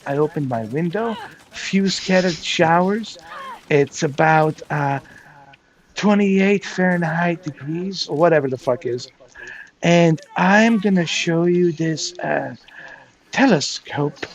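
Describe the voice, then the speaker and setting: A man putting on a rambling male vlogger who unboxes a telescope and talks slowly and quietly. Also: a little high, vocal fry, full character voice, low-quality recording. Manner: slow, drawn-out and rambling.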